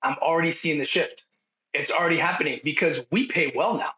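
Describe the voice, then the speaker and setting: Animated storytelling man, echoey lo-fi. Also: a little high, fairly quick, a little hiss or hum. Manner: animated, acts out dialogue. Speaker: podcast guest, painting contractor. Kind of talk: storytelling in casual conversation.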